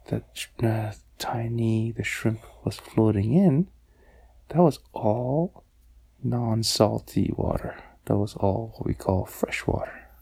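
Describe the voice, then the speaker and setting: A man's voice: fairly low pitch, creaky, a little mellow, husky. A man improvising a bedtime story, meandering and repeating words, sometimes dropping to a whisper.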